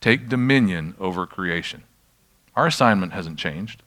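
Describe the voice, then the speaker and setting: A man's voice: low voice, lively intonation, a little slow, fairly bright tone. A middle-aged man preaching a sermon, telling stories in a conversational way and adding self-deprecating asides as he leads a healing ministry. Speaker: pastor leading a healing ministry.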